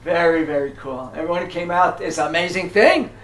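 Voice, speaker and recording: A man's voice: a little high, fairly quick, a bit bright, roomy sound, slight background noise. A man leading a small group through history as a tour guide, chatty and full of questions to his listeners, with many fillers and restarts. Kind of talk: casual guided lecture.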